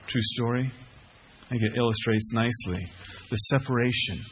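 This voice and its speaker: A man's voice: mid-range voice, normal speed, a bit bright, a little hiss or hum. A middle-aged man preaching a sermon, earnest, repeating key phrases and putting questions to the listeners. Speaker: pastor.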